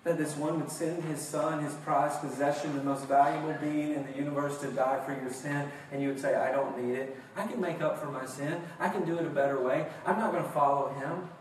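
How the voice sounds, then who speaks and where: Impassioned preacher in an echoey sanctuary. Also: male voice, fairly high pitch, fairly even intonation, fairly quick, hardly any pauses. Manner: impassioned, swings from hushed to shouting; acts out mock voices of listeners. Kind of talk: sermon. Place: church sanctuary. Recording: very echoey room, far from mic, faint noise.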